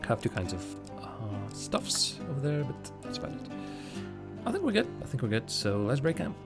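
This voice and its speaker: A man's voice: medium pitch, lively intonation, moderate pace, over loud music. A man streaming a game live, chatting casually, laughing often and poking fun at himself. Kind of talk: casual live gameplay commentary.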